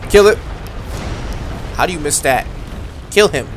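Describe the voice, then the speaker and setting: A young man giving casual, excitable, slangy commentary while playing a game, talking straight to the enemies he fights. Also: fairly high pitch, unhurried, slight background noise. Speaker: gaming video creator. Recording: voice over game music.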